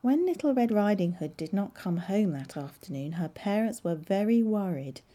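A woman librarian reads a children's story aloud, measured and expressive. Her voice is mellow and warm, at a middle pitch. It rises and falls in a very lively, sing-song way.

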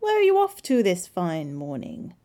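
A woman voicing a crafty, smooth-talking male wolf in a storybook reading, slow, sly and overly polite. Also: lowish voice, wildly swooping pitch, warm tone.

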